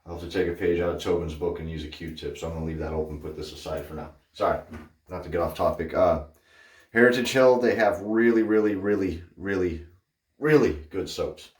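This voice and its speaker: A man's voice: deep voice, fairly quick, distant mic. A man hosting a wet shaving video, chatting casually and drifting off topic as he tells stories. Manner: chatty, digressive, animated when telling stories. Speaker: wet shaving channel host. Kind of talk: casual rambling chat. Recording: roomy sound from off-mic.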